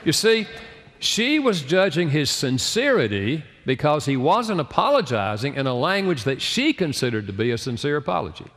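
A man with a mid-pitched voice that swings widely as he lectures, dropping into other voices to act out the people in his stories. He speaks as an author and counselor. His voice rings with the long reverb of a large hall. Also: a bit bright. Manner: acts out quoted people with changed voices. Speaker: author and counselor giving a talk. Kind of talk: lecture with storytelling.

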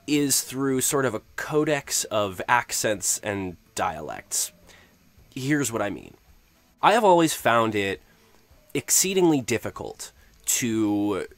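Low-voiced man explaining game tips. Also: fairly bright tone. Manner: hesitant, many restarts, thinking aloud. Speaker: game master giving tabletop tips. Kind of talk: conversational tutorial.

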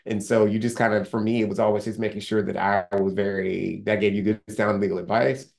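A man with a low, gravelly voice talks quickly and candidly as an interview guest. He is earnest and rambling, restarting sentences and filling gaps as he goes. His speech has a steady, plain, conversational feel. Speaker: sports lawyer, interview guest.

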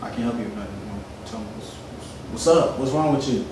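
A man voicing a cheating husband who dodges and stammers and pleads for calm. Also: mid-range voice, quick pace, distant mic, lightly acted. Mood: smooth. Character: cheating husband, evasive and smooth-talking. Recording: echoey room, off-mic, noisy.

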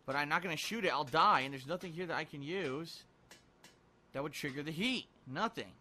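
A man's voice: on the high side, lively intonation, fairly quick, sharp tone, a little hiss or hum. A man muttering his way through a video game, frustrated and swearing often. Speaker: let's play gamer. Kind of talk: live gameplay commentary.

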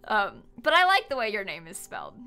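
A woman's voice: mid-range voice, huge pitch swings, brisk, vocal fry, bright, forceful tone, clean tone. A young adult woman chatting casually and rambling with her live stream viewers, giggling often and using plenty of fillers. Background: faint music.

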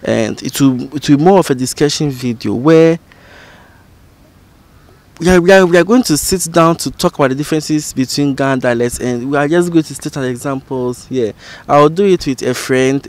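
Man explaining dialects slowly. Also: on the high side. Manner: explains slowly, repeating example phrases. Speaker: language educator and channel host. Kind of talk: informal spoken lesson.

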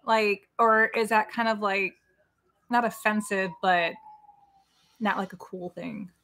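Female livestream co-host, chatty and rambling, bright mid-pitched voice. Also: fairly even intonation, takes it slowly. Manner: chatty, rambling, filler-heavy. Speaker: co-host of a livestream watch party. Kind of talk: casual livestream chat.

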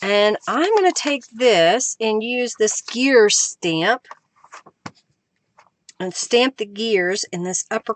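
With a mid-range, fairly bright voice, the woman running the crafting stream chats casually while working and greeting her audience. She reads viewer comments with cheerful bursts, and there is slight background noise.

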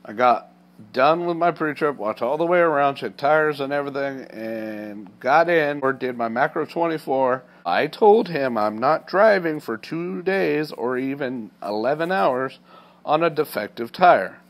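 This man in his thirties from Kansas, a truck driver trainee who vlogs, speaks at a measured pace with lively intonation and a medium pitch. In his personal vlog he retells a clash at work, growing indignant and heated.

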